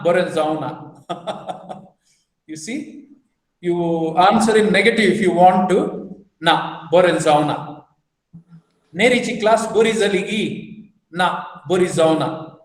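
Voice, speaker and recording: A man with a high voice teaches a beginners' language class over a video call. He talks patiently, repeats each phrase slowly and explains it with everyday examples. The sound is echoey, as if he is in a bare room.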